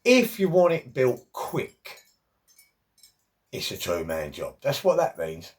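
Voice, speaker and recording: A man's voice: medium pitch, wildly swooping pitch, slow. A middle-aged man, talking in a chatty, rambling monologue full of jokey asides.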